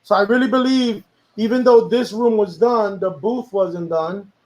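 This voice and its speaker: A man's voice: sits high, unhurried, darkish tone, rough recording. A man, a music producer, talking casually about making a song, rambling and slipping into Spanish now and then. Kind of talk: casual chat.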